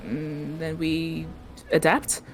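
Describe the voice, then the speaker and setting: A woman's voice: sits low, monotone, takes it slowly, soft background music. Giggly chatty woman player. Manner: chatty, giggly, restarts often. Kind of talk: casual tabletop game chat.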